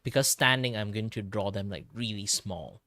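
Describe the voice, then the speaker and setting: A young man whose first language is Cantonese, chatting casually while drawing, rambling with many fillers and restarts, his low voice tired from talking a lot. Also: moderate pace, dry recording, clean studio sound. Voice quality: low, relaxed tone. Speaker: streamer.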